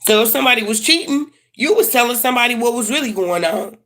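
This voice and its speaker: A woman with a fairly high voice gives a casual tarot reading straight to camera. She is blunt and slangy, swears freely, and hammers her points home by repeating them. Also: lively intonation, fast talker, a bit bright. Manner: emphatic and repetitive. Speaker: tarot reader.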